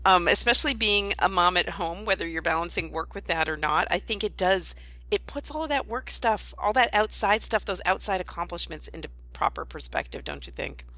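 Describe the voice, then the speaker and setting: A woman's voice: on the low side, expressive, fairly quick, sharp tone, no echo. A woman hosting a podcast, talking in a friendly, affirming, conversational way. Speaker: podcast host. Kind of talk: casual faith podcast chat.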